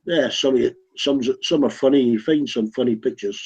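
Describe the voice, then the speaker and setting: A man's voice: mid-range voice, fairly quick, a little mellow, slightly rough. A man on an online group call, teasing the others with crude jokes. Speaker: call participant. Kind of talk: casual group call banter. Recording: dull lo-fi call audio.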